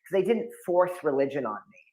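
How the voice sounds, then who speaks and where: This occult expert guest, a New England man in his fifties, talks a little fast in a slightly high voice. He tells long stories in an interview, animatedly acting out those he quotes, in a room with noticeable echo.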